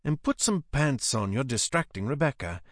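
A man's voice: medium pitch, lively intonation, moderate pace, dry recording, studio quality, natural voice. A man doing a blunt, scowling woman.

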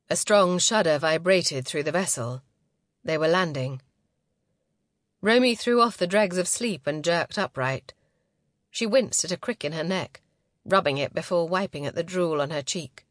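A woman narrating a science fiction novel in a steady, even storytelling manner. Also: on the low side, no echo, studio quality. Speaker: audiobook narrator. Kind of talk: scripted narration.

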